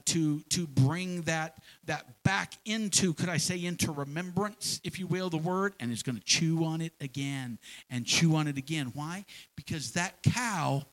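A man preaching a sermon in a church, folksy and animated, with homespun examples and repeated phrases. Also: on the high side, rough recording. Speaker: pastor.

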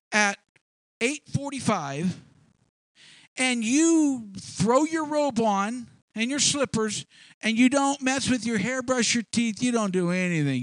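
A man's voice: very high voice, fairly bright tone, dry recording, rough recording. A man preaching a sermon, repeating words often and acting out both sides of imagined conversations. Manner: repeats words, acts out dialogue in quoted voices.

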